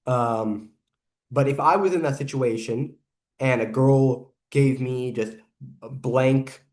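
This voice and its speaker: A video reviewer with a medium-pitched, darkish voice gives casual reaction commentary on video clips, rambling and pausing as he goes. He mentions that saliva builds up when he talks fast.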